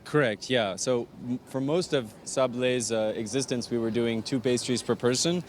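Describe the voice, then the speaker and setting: Pastry chef explaining outdoors. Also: male voice, medium pitch, normal speed. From Arizona, US. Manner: explanatory, detailed, with fillers. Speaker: pastry chef and bakery owner. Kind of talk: on-location interview. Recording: faint outdoor traffic noise.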